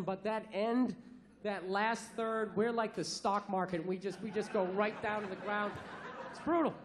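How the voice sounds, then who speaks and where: A man in his forties with a Boston accent doing a stand-up comedy set, brash and profane, ranting with mock outrage. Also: high-pitched. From Massachusetts, USA. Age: 40s. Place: theater stage. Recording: echoey theater with crowd laughter. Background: audience laughter and ambience.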